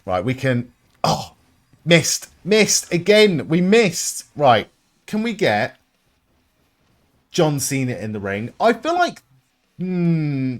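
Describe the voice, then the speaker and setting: Excitable sweary young male streamer. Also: on the high side, takes it slowly, long pauses. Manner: excitable, swears often, sarcastic asides. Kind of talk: live-streamed gameplay commentary.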